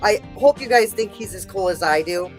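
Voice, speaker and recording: A woman's voice: mid-range voice, expressive, moderate pace, soft background music. A woman hosting a podcast interview, gushing and enthusiastic as she rambles with many restarts. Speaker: podcast host. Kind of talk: casual interview chat.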